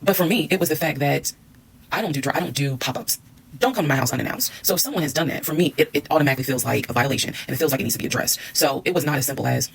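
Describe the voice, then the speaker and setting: A woman's voice: sits low, racing, gravelly, breathy edge, poor audio. A woman telling a personal story to her followers, candid and blunt, swearing and acting out what people said. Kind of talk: storytime monologue.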